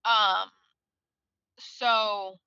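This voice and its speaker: A woman's voice: mid-range voice, extremely slow, gravelly, smooth, dry recording, dull audio. A woman in casual book club chat, rambling and swearing freely while she drives. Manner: rambling, swears a lot, lively.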